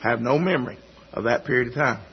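A man giving a sermon testimony in a halting, folksy way, often repeating his words. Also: mid-range voice, slight background noise. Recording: dull lo-fi recording.

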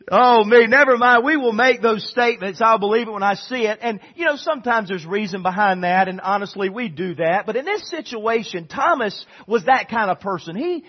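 A male pastor preaching with a high, husky voice. He delivers his sermon in an animated way, swinging into loud bursts. The sound is dull and lo-fi. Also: normal speed.

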